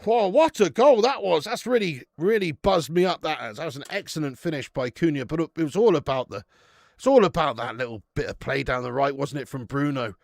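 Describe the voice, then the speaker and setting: A man in his twenties gives live watch-along commentary on a football match for his fan channel, loud, excitable, swearing freely and bantering with chat. His high voice has a gravelly edge and he talks a little fast. The recording is close and dry.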